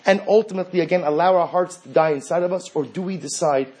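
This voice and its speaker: Husky-voiced man teaching a religious class. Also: sits high, fast. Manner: earnest, rhetorical questions, animated.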